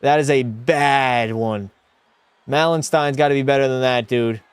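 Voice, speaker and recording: A man's voice: mid-range voice, a little slow, smooth, no room sound. A young man streaming a hockey video game, calling the plays and chatting with his viewers. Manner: excitable, chatty, answers chat, mock French-Canadian outbursts. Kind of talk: casual live-stream play-by-play commentary.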